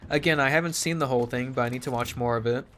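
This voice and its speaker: A man's voice: mid-range voice, racing, fairly bright tone, a little hiss or hum. A man ranting casually to his stream chat, sarcastic, swearing freely, laughing often.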